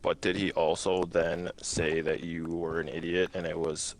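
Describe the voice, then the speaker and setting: A man's voice: deep voice, little pitch movement, moderate pace, a little hiss or hum. A man hosting a casual gaming stream, joking crudely and swearing freely. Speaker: streamer host.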